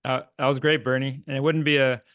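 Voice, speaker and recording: A man hosts a podcast panel in an easygoing way, thanking one guest and inviting another to speak. His voice is smooth and resonant, recorded dry and close. He sits at a middle pitch. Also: level tone, fast, fairly bright tone, dry recording. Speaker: podcast host. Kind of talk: podcast discussion, moderating.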